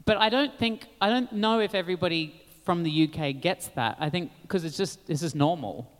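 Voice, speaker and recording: A man with an Australian accent, chatting as a guest in an animated, giggly way and slipping into impressions. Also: on the high side, brisk, big-room sound. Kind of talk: casual podcast chat.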